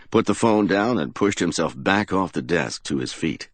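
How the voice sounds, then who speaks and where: A man's voice: sits low, expressive, normal speed, no echo. A man narrating a hardboiled crime audiobook in a dramatic storytelling manner.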